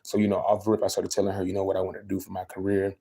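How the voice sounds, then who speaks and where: Fast-talking young man venting on a livestream. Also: low-pitched, monotone, mellow. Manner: venting, emphatic, repeats himself. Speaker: livestreaming vlogger. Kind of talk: casual livestream rant.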